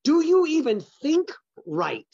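A man's voice: very high-pitched, wildly swooping pitch, takes it slowly, vocal fry, mellow, lo-fi sound, slight background noise. A middle-aged man, a business founder, telling personal stories as an interview guest, stressing points by repeating words.

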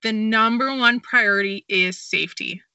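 A young woman chats casually about travel, her voice very bright and forward with a slightly high pitch. She fills her talk with "um" and "like" and slips into giggles. The recording sounds dry and a little dull. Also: normal speed, dry recording. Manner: chatty, lots of fillers, giggly storytelling.

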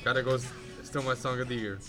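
A man's voice: mid-range voice, fairly even intonation, fast talker, sharp tone, faint music behind. A man co-hosting a casual chat in a restaurant, talking with fan-like enthusiasm and laughing often. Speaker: podcast co-host.

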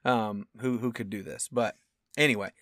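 A young man co-hosting a football podcast in casual chat, animated and acting out quotes with sudden loud outbursts. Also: lowish voice, moderate pace, no room sound, clean studio sound. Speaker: podcast co-host.

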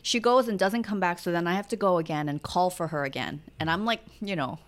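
A young adult woman co-hosting a podcast, chatting candidly about family life and bringing each moment to life by acting out what was said. Her voice sits fairly low for a woman. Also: fairly quick. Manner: candid, chatty storytelling with acted-out quotes. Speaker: podcast co-host. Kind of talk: casual chat.

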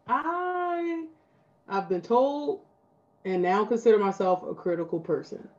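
A woman's voice: mid-range voice, animated, unhurried, a little mellow, muffled recording. Baltimore-accented woman photographer giving advice. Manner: earnest, advice-giving, frequent "right?" asides. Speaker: photographer guest. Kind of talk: casual podcast interview.

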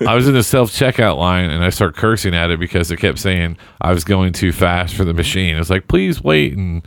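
Lower-voiced man ranting about errands. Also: fairly quick, dry recording, clean studio sound. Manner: ranting, exasperated storytelling. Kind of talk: casual banter.

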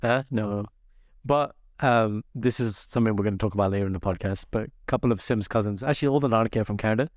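A young man co-hosting a podcast, telling stories in a casual, energetic and animated way. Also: fairly low pitch, fast, no room sound, clean studio sound. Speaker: podcast co-host. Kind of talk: casual chat.

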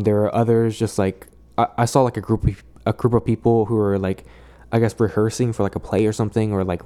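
A young man venting in a casual monologue, halting and full of restarts, sounding weary and resentful. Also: lowish voice, warm tone, clear, resonant tone.

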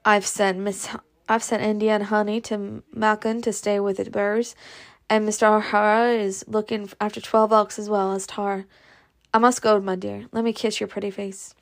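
A woman performs the voice of a calm, kindly Southern gentleman of about seventy, soft-spoken and reassuring. She uses a mid-range voice at normal speed, with only a light touch of acting.

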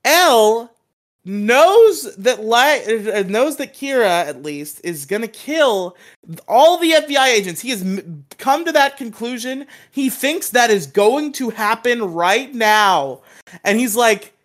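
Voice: mid-range voice, big pitch swings, slow, fairly bright tone. A podcast co-host giving a casual, rambling recap of an episode, laughing often and acting out quoted lines.

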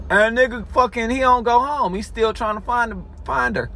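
High-voiced, animated man. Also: normal speed, hardly any pauses, a little hiss or hum. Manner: animated, profanity-heavy storytelling. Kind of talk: casual storytelling.

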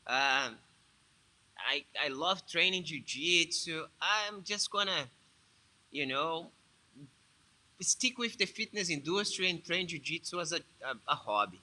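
English guy telling his story, stumbly and repeats himself, really bright sharp tone. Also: fairly high pitch, expressive. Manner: halting, repeats words and restarts often. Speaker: jiu-jitsu instructor. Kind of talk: casual personal storytelling.

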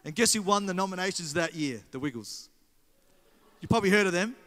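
A man's voice: high voice, lively intonation, brisk, a bit bright. A man with an Australian accent preaching in a joking way, talking back and forth with the crowd. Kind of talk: sermon. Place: large hall. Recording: live hall with reverb.

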